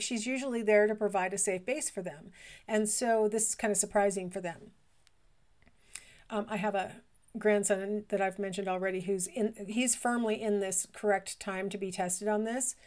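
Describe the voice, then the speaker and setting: Middle-aged woman lecturer, mid-pitched, relaxed and conversational, lots of ums as she explains. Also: normal speed. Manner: conversational, explanatory, with frequent fillers. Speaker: college lecturer. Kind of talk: recorded lecture.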